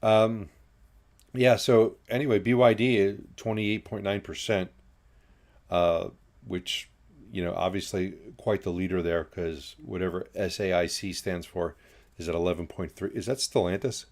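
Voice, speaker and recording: A man's voice: low-pitched, steady tone, moderate pace, darkish tone. A man co-hosting a casual podcast, talking in a blunt, opinionated way. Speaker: co-host.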